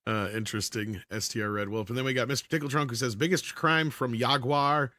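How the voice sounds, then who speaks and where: A man's voice: fairly low pitch, very fast, dry recording, clean studio sound. A man hosting a live stream, casually reading viewer comments aloud. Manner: relaxed, reads donor comments aloud. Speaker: host reading chat.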